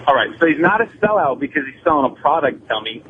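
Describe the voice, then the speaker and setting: A man's voice: a little high, sing-song, quick pace. A man calling in to a radio show on his cell phone, arguing and taunting the host. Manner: taunting, argumentative. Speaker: caller. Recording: noisy lo-fi phone line.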